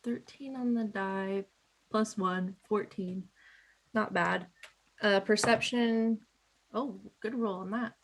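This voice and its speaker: A woman at a tabletop game talks in a chatty, casual way at a mid pitch. She thinks aloud, restarts her sentences and reads out her dice rolls. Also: steady tone, takes it slowly. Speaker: player.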